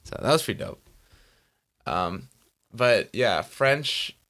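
A man co-hosting a podcast in Los Angeles rambles through casual chat, leaning heavily on "like" and "you know." He has a medium-pitched, fairly bright voice and speaks slowly and expressively.

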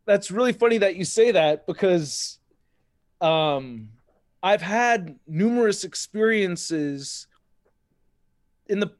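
Podcast guest, man in his 30s, high voice, excitable rambler, dry close sound. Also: slow, pauses often, no room sound. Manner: excitable, rambling storyteller with many restarts. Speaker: podcast guest, toy collector. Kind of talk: casual chat.

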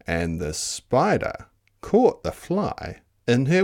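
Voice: deep voice, huge pitch swings, slow pace, a little mellow. A storyteller reading a children's picture book aloud with lots of expression, dropping into animal sounds.

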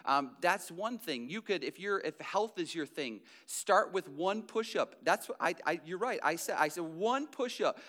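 A man's voice: high voice, lively intonation, moderate pace, hardly any pauses, sharp tone. A man preaching a sermon in a conversational way, restarting phrases and building emphasis as he goes. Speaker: pastor.

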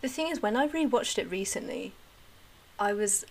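A woman's voice: mid-range voice, animated, moderate pace. Chatty young woman. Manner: chatty, fillers of "like", enthusiastic storytelling. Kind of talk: casual chat.

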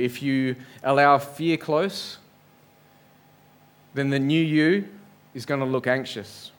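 A man's voice: mid-range voice, clear, resonant tone. A man preaching a sermon in a church, earnest, building up lists and rhetorical questions. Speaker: pastor.

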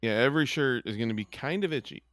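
A man in casual conversation, goofy and quick to laugh, his voice sitting at an ordinary middle pitch. The sound is dry and close, with no room around it. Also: animated, a bit bright, no echo. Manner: goofy, joking, laughs often. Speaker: podcast co-host. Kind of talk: casual chat.

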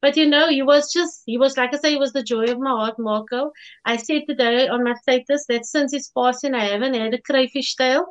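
A woman's voice: sits high, steady tone, fairly quick, poor audio. A South African woman telling fond stories about her late family as an interview guest, laughing often. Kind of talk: personal storytelling in an interview.

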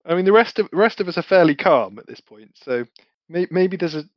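A man playing a tabletop game casually, halting with restarts and laughter. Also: sits high, lively intonation, no room sound, dull audio. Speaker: player.

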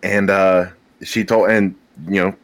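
A man's voice: low voice, flat delivery, a little slow, dry recording. A young man guest on a podcast, telling a rambling story with casual swearing and frequent laughs.

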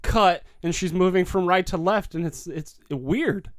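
A man's voice: high voice, a little slow, no echo, studio quality. A man co-hosting a movie podcast, talking casually with a wry, teasing manner. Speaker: podcast co-host. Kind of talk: casual movie review chat.

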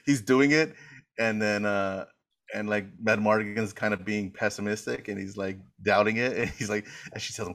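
Lower-voiced male podcast co-host who rambles and laughs through a plot recap, casual and unscripted. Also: moderate pace, fairly bright tone. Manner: rambling retelling, laughing often. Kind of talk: casual rewatch chat.

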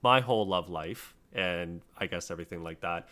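A man's voice: low voice, normal speed, sharp tone. A young man co-hosting a podcast, chatting casually and telling a rambling story full of fillers. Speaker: podcast co-host.

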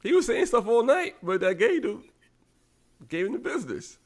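A man's voice: extremely high pitch, very animated, normal speed. A man co-hosting a podcast, telling a story in casual chat and acting out the people he quotes. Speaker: podcast co-host.

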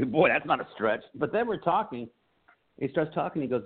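Husky-voiced man telling stories over a phone line. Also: medium pitch, quick pace. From United States. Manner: animated storyteller acting out quotes. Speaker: guest, comedian and writer. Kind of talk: casual interview storytelling.

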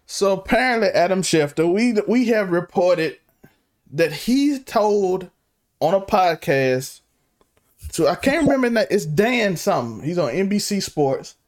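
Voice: mid-range voice, a little slow. A podcast co-host in casual sports chat, asking blunt questions. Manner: animated, asks blunt questions.

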